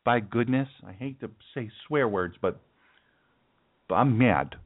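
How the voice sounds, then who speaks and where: Speaking with lively intonation and a little slowly, this male host's mid-range voice carries an impassioned political monologue that keeps stammering, restarting and repeating its emphatic point. The home studio recording is dry and tinny, like a phone.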